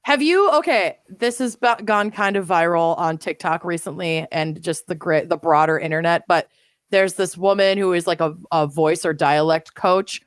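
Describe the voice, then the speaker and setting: Wry, lower-voiced woman co-host. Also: clear, resonant tone, no echo, studio quality. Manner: quick, wry and laughing. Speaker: podcast co-host. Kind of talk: casual chat.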